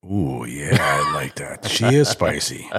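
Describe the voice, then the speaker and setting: A man's voice: extremely low pitch, sing-song, slow, a bit bright, husky. A man co-hosting a radio show, bantering casually and cracking jokes. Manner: jokey, breaks into impressions.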